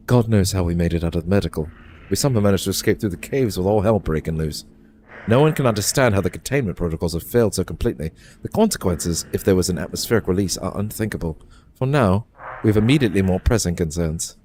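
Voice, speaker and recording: A man reading aloud as a grim male scientist, putting on a British accent in a measured, solemn way. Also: deep voice, lively intonation, darkish tone, slight background noise. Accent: put-on British.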